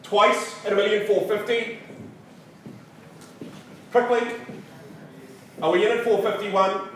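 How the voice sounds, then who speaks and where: A man's voice: high-pitched, steady tone, slow, a little hiss or hum. A man calling a live auction indoors, rattling off bids and teasing the bidders with playful asides. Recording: very echoey room, voice from a distance.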